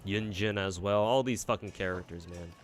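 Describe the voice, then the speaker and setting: A man's voice: low-pitched, normal speed. Rambling, profane male gaming streamer. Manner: rambling, profane, frequent fillers and restarts. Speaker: game streamer. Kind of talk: casual gameplay commentary.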